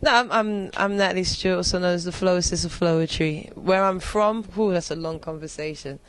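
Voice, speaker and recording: A woman's voice: fairly low pitch, brisk, clear, resonant tone, no room sound. Reflective British-accented woman guest. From London. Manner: reflective, hesitant with fillers and restarts. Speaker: singer and poet, guest. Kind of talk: relaxed interview conversation.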